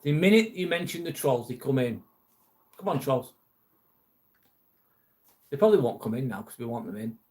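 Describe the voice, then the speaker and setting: A man's voice: medium pitch, expressive, normal speed, long pauses, a little mellow. A man hosting a casual livestream, chatting bluntly with viewers and swearing freely. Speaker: livestream host reading viewer chat. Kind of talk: casual live chat.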